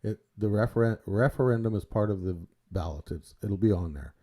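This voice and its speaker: A man in his sixties from Canada with a big booming voice, co-hosting a casual livestream chat and ranting bluntly with plenty of swearing. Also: brisk, crowd noise. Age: 60s. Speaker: livestream co-host.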